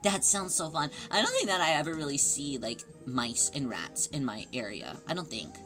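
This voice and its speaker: A woman livestreamer chatting casually with her viewers, excitable and gushing as she greets people in chat. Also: deep voice, moderate pace, music in the background.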